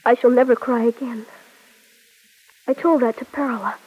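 A woman voicing an earnest young boy who narrates his own sorrow in an old radio drama, with a gentle, solemn manner. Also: a little high, fairly even intonation, moderate pace, slightly rough. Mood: resolute. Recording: dull lo-fi old recording with music.

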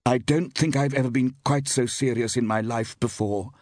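A man reading aloud, voicing a glamorous, gushing actress with affected, drawn-out endearments. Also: mid-range voice, sing-song, a little mellow, slightly rough, no room sound, clean studio sound, pitched above the performer's own voice.

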